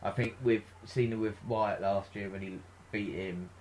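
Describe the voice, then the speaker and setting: Chatty English man with a low voice. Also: steady tone, normal speed, a little mellow, slight background noise. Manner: chatty, laughs often. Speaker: podcast host. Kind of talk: casual chat.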